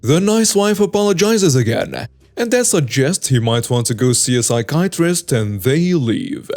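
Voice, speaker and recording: Man reading a story over soft music. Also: fairly high pitch, very animated, measured pace. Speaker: story narrator. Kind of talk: scripted narration.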